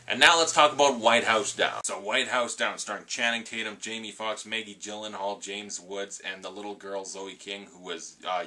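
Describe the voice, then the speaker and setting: A man's voice: fairly low pitch, sharp tone. A man giving a casual, rambling movie review full of asides. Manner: chatty, rambling with asides and quick impressions.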